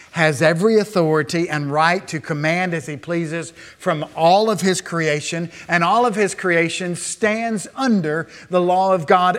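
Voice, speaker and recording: A man preaching a sermon to his congregation, swinging between a hushed, earnest tone and raised, emphatic declarations. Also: a little high, a little slow. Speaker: pastor.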